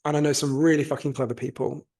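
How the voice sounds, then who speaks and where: Posh english guy on a podcast call, a bit high, chatty, swears a lot, kinda under the weather. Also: fast. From North London, England. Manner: animated, swears casually, self-correcting restarts. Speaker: guest author. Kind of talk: casual podcast interview.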